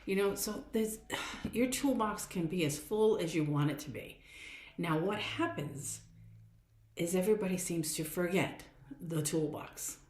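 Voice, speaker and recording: A woman's voice: on the low side, unhurried, a little mellow. A woman hosting a podcast, giving chatty, encouraging motivational talk and repeating her phrases. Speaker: podcast host and coach. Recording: echoey room.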